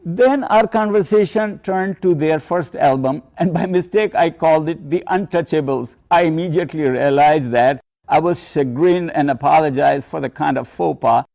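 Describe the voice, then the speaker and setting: Older man, gravelly, mellow storytelling. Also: a little high. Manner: measured storytelling with quoted Hindi asides. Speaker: narrator of a personal tribute. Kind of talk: reminiscing narration.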